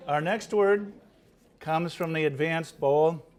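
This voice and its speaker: A man's voice: on the high side, takes it slowly. A man reading out words and spelling them for a live spelling contest, joking with the contestants. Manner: animated, playful, joking with contestants. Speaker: spelling bee word caller.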